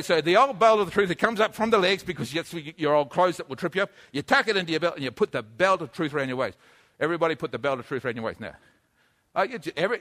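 A man preaches with rising energy, calling out lines for his congregation to echo back and raising his voice to a shout. His voice sits high for a man and has a bright, forceful edge. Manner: energetic, leads call-and-response, often shouting. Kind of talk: sermon with congregation participation.

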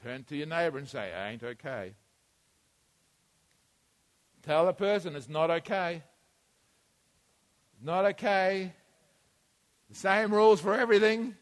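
A man with a high-pitched voice preaches to a congregation, speaking in a loose, conversational way. His voice rings out in a hall with a long, lingering reverb. He drops into quiet asides, then rises into emphatic bursts. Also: a little slow, pauses often. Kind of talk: sermon. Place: church hall.

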